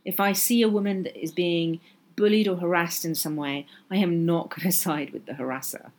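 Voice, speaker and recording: Woman doing a solo podcast rant, lowish voice, earnest, hammers points home with repeats. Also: fairly even intonation, normal speed, darkish tone. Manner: earnest, impassioned, emphatic repetition. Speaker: podcast host.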